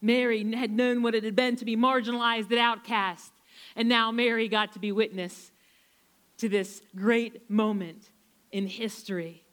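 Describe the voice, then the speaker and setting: A woman preacher retelling a story in a sermon, emphatic, repeating phrases and slowing down to stress key lines. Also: on the high side, steady tone.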